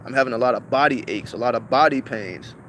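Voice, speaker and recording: A man's voice: mid-range voice, fast, a bit bright, a little hiss or hum. Man telling a story casually, swearing freely. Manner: profane, repetitive, restarts often. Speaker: vlogger.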